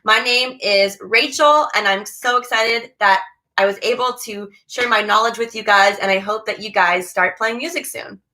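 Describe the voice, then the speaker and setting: A woman's voice: mid-range voice, moderate pace, pushed and bright, low-quality recording. A woman teaching a violin lesson online, who is losing her voice, patiently calling out note names and finger numbers.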